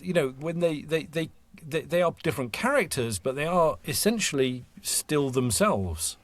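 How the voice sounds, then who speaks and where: A man's voice: on the high side, expressive, normal speed, no echo. A man, a voice actor guest, chatting casually on a podcast in a rambling, self-deprecating way.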